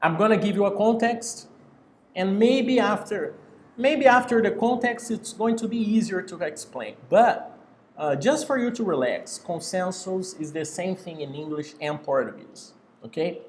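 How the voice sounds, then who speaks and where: Sex: man. Role: patient English teacher on a video call, repeating key words. Pitch: high and lively. Pace: slow. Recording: roomy echo. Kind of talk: online English class.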